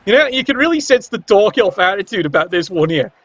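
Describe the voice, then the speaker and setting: A man's voice: high-pitched, big pitch swings, fast talker, a bit bright. A man giving cheeky match commentary on a video game, full of wry asides and casual swearing. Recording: dull lo-fi sound.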